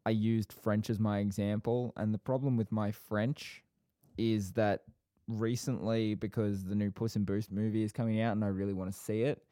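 Low, mellow-voiced male podcast host. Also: little pitch movement, dry recording, studio quality. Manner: fast, rambling, with frequent fillers and asides. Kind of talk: casual podcast chat.

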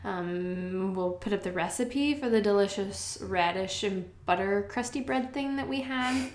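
A woman's voice: medium pitch, measured pace. Chatty woman co-host, roomy sound. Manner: chatty, reads out contact details. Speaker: podcast co-host. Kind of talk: casual podcast chat. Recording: roomy echo.

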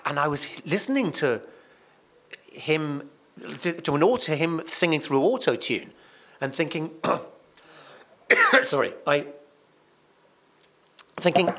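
Animated man telling a story. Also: fairly high pitch, takes it slowly, long pauses. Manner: animated and emphatic, frequent restarts and repetitions. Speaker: radio presenter and songwriter as podcast guest. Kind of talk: casual conversational storytelling.

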